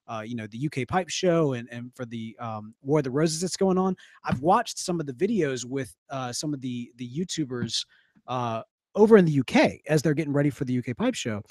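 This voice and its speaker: Lively American man, chatty podcast host. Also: medium pitch, fairly quick, no echo, studio quality. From United States. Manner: animated, rambling with many restarts. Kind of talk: casual chat.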